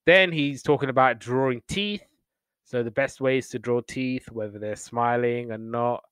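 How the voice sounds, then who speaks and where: A young man hosts a casual podcast chat, rambling through memories of old TV shows and slipping into playful quoted voices. His voice is smooth and resonant, recorded dry and close with no room sound. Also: mid-range voice, measured pace, fairly bright tone, no room sound.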